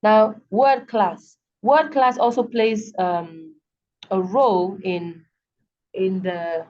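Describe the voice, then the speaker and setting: A woman's voice: mid-range voice, slow. A woman with a Nigerian accent teaching an English lesson, patiently repeating words to show stress and checking in with "okay". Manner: frequent fillers and checks with okay. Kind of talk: online class lecture. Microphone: video call. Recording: dull lo-fi video call audio.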